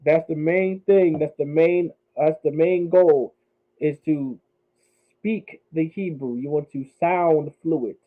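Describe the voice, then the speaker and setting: A man teaches a class, carefully sounding out each word and repeating phrases slowly so the students can follow. His voice sits a little high for a man. The sound is thin and narrow, as if it comes through a phone line. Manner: drills words slowly and repeats them for the class. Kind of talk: teaching Hebrew pronunciation.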